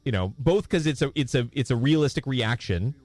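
A man's voice: medium pitch, lively intonation, fairly quick, a little mellow, no room sound. A man co-hosting a casual podcast, thoughtful and agreeable, often restarting his sentences. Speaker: podcast co-host. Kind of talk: casual chat.

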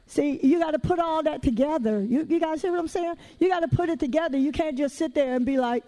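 A woman with a Southern US accent preaching a sermon in a lively, conversational way with folksy asides. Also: high-pitched, fast talker, few pauses.

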